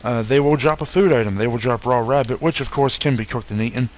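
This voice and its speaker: A man's voice: mid-range voice, fast, slight background noise. A young man casually walking through a game update, talking easily with frequent fillers and self-corrections. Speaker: gaming YouTuber.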